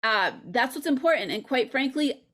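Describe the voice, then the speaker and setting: A high, expressive, slightly bright voice belongs to an American woman who teaches English and creates channel content. At a moderate pace, she works through ideas in a relaxed video-call interview, thoughtful and chatty, often saying "um."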